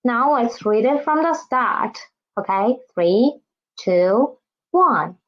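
Woman language teacher, fairly high voice, slow and patient, repeats drills, muffled lo-fi sound. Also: animated. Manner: patient, repeats each word for students.

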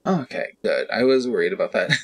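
A man's voice: on the low side, sing-song, moderate pace, slightly rough. A man streaming a video game, reading the text aloud and commenting casually and animatedly, swearing now and then, into a studio mic.

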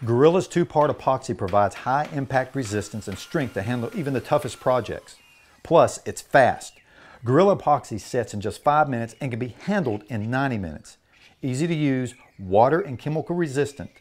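A man's voice: medium pitch, animated, brisk. A man reading a scripted product advertisement as voice-over, with an upbeat, punchy sales delivery. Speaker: announcer.

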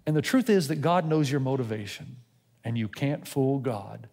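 A man's voice: on the high side, big pitch swings, normal speed, a little mellow, long reverb tail. A middle-aged man preaching a sermon as a pastor, telling a personal story and acting out both sides of his conversations with God. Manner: storytelling preacher who acts out dialogue with God.

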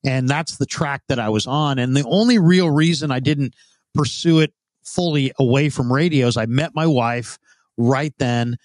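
A man's voice: medium pitch, moderate pace, no room sound. Chatty man in his fifties telling stories. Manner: rambling anecdotes, acts out quoted dialogue. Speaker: interview guest, former radio host. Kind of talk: storytelling in a casual interview.

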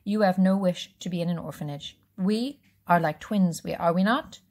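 A woman's voice: on the low side, normal speed, a little mellow. A woman reading aloud voices a smug, menacing male police commissioner with a put-on French accent. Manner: smug, threatening, clipped.

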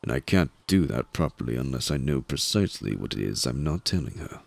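A man's voice: very deep voice, big pitch swings, fairly quick, gravelly, no echo, voice pushed down, full character voice. A man voicing a stiff, prickly male career bureaucrat in an audiobook reading, speaking formally. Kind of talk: audiobook character voice.

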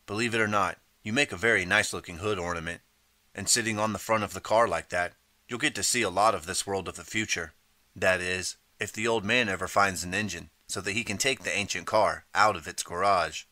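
A man reading a second-person interactive audiobook in steady, measured narration. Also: low-pitched, no echo.

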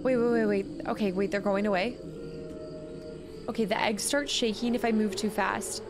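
A woman streamer giving let's-play commentary, excitable and repeating words fast when she panics. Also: on the high side. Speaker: video game streamer. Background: loud game music.

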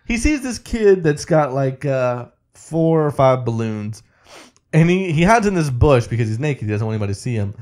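A man co-hosting a podcast, casually recapping a movie in an animated way and laughing often. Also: mid-range voice, moderate pace. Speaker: podcast co-host.

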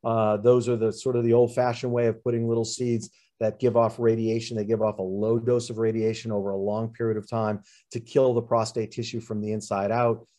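Man, urologist, webinar talk, mellow warm tone, patient explanations, fillers. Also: fairly low pitch, flat delivery, brisk, few pauses. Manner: explanatory, walks through slides with frequent fillers. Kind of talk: medical webinar presentation.

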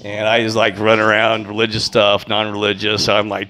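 A man's voice: lowish voice, completely flat delivery, moderate pace, hardly any pauses, bright, forceful tone, a little hiss or hum. A middle-aged man telling rambling personal stories in a casual vlog, laughing often and running himself down. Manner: chatty, laughs often, self-deprecating. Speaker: vlogger.

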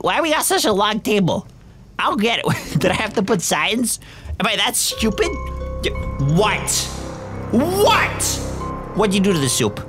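A woman hosting gameplay commentary, excitable and reactive, often breaking into shouts. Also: fairly high pitch. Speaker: gaming video host. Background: game music.

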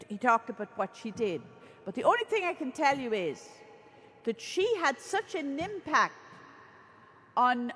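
Animated nun preaching in a hall. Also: female voice, on the high side, a little hiss or hum. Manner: earnest, animated storytelling. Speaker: religious sister, preacher. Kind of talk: storytelling sermon. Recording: reverberant hall.

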